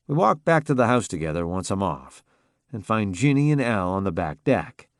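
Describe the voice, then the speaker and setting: A man reading a romance audiobook in the first person, calm and intimate. His voice has a gravelly texture and a lively, varied pitch. It is recorded close and dry. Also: normal speed, dry recording. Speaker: audiobook narrator.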